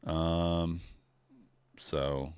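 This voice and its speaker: Brief: young man, very low voice, sleepy and laid-back, dry close mic, live trading stream. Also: little pitch movement, drawn-out words, a little mellow, clean tone, no room sound. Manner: laid-back, drawling, greets chat viewers. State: tired, yawning. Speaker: futures trader streaming live. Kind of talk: casual live-stream commentary.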